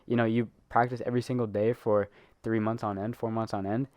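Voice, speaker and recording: A man's voice: on the low side, level tone, a little fast, darkish tone, dry recording. A teenage boy co-hosting a podcast, telling a long story in casual chat, rambling with lots of fillers and laughing as he goes. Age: teens. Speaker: podcast co-host.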